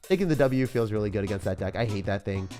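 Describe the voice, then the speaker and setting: A young man talks through his match as it happens, his voice leaping between loud excited bursts and quiet muttered asides. He jokes at his opponent and keeps up a running play-by-play, with faint music playing underneath. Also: quick pace. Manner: excitable, jokey, swings from loud hype to low mutters. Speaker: gaming commentator. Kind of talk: live gameplay commentary.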